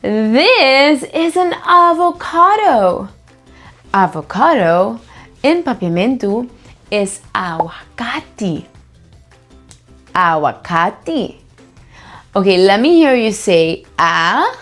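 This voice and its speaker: Very slow, lively woman teaching toddlers. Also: fairly high pitch, soft background music. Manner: slow, drawn-out repeat-after-me prompting. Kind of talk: children's vocabulary lesson.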